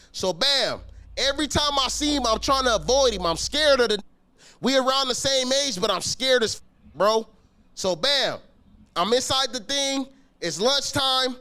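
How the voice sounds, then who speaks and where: A man telling a story about his school days in a casual, slangy, animated way, swearing often and acting out the scenes. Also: very high-pitched, clear, resonant tone. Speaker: podcast guest telling a story.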